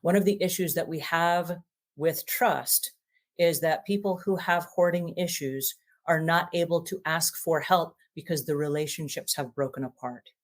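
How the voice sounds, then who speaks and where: A woman's voice: deep voice, fairly even intonation, normal speed. A middle-aged woman hosting a talk to camera about trust, earnest, often acting out short quoted exchanges. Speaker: host.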